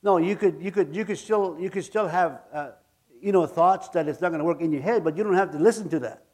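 Male preacher, slightly high voice, earnest, stumbles and repeats himself mid-sermon. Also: darkish tone. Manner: earnest, halting, often repeats words.

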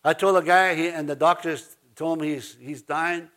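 Male pastor, informal sermon; high, bright voice, chatty, laughs often, restarts mid-sentence. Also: fairly even intonation, moderate pace.

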